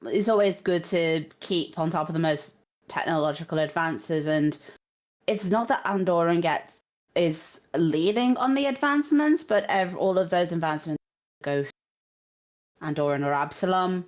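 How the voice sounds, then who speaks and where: A woman's voice: on the low side, moderate pace, natural voice. A woman voicing a polite, genial male watchmaker who talks courteously and hesitantly, with many fillers.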